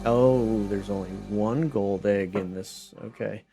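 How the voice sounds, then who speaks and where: A low-voiced man chatting casually as he streams a game, thinking out loud and trailing off into little asides. Faint music plays under his voice. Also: slow. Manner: thinks aloud, reads menus, trails off in asides. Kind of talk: casual gameplay commentary.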